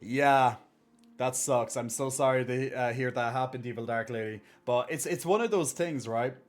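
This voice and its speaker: A man's voice: medium pitch, normal speed. A man live-streaming, chatting casually and reassuring viewers as he reads their messages and thanks subscribers.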